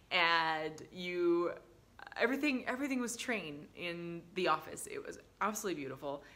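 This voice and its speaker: Chatty woman with a bright, lower voice. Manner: chatty, lots of fillers, bright acted-out quotes of kids. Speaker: dental hygienist vlogger. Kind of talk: casual storytelling to camera.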